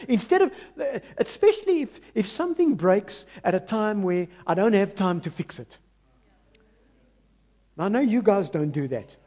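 A South African pastor preaching a sermon with an Afrikaans-mixed accent. He talks to the congregation conversationally, pokes fun at himself, and swings between loud, emphatic lines and hushed ones. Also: high voice, sing-song, moderate pace. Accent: South African, mixing in Afrikaans. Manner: self-mocking, conversational asides to the congregation.

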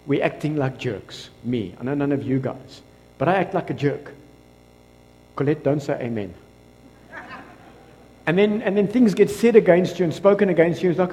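A South African man preaching a lively sermon as pastor in a church, joking and calling out for amens. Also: a little high, normal speed, pauses often, a little hiss or hum. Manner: energetic, joking, builds to loud exclamations, calls for amens. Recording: long reverb of a church hall.

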